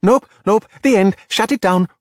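A man's voice: fairly high pitch, expressive, breathy edge, no echo, studio quality, voice pushed up. A man doing a frantic scolding sea-monster mom. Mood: alarmed. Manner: rapid, breathless scolding. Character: overprotective excitable sea monster mother.

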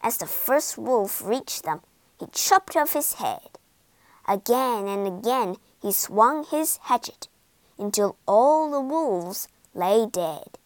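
A woman reads a storybook aloud slowly and clearly for English learners. Her voice is fairly high and very lively in its rise and fall. The recording is close and dry. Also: no echo. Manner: slow, clear, expressive reading.

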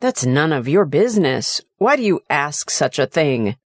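A woman's voice: deep voice, sing-song, measured pace, no echo, studio quality, exaggerated voice. A woman doing a curt, tired father. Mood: irritated. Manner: curt, irritable. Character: tired, irritable working father.

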